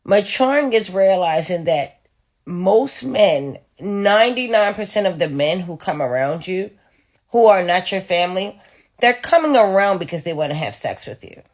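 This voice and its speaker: A woman's voice: mid-range voice, expressive, normal speed. A woman speaking straight to camera with blunt, self-deprecating candor. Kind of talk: candid talking-head confession.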